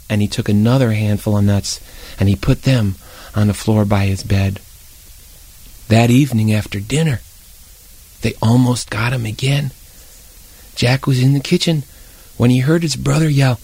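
A man telling a children's story aloud with lively, animated narration. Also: mid-range voice, normal speed, pauses often, breathy edge.

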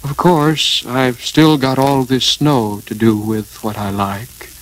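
A man's voice: medium pitch, steady tone, close to an everyday voice, poor audio. A man voicing a gloomy old storybook donkey. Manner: slow, sighing, melancholy drawl. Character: gloomy old grey donkey, self-pitying.

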